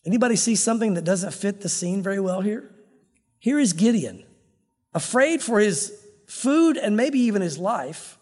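Man, pastor, high voice, conversational sermon, acts out quoted voices, long church reverb.

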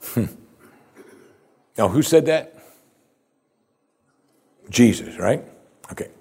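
A man's voice: mid-range voice, lively intonation, very slow, creaky, a little mellow, breathy edge. A male pastor preaching a sermon in a conversational, expository way, with emphatic rises.

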